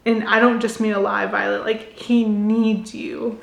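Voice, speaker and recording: A woman doing a calm, dying young man. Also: mid-range voice, a little slow, creaky. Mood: calm, tender. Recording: echoey room.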